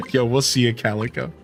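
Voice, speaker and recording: A man livestreaming and chatting casually with his viewers, telling a rambling, animated story full of filler words. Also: medium pitch. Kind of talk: casual chat with stream viewers.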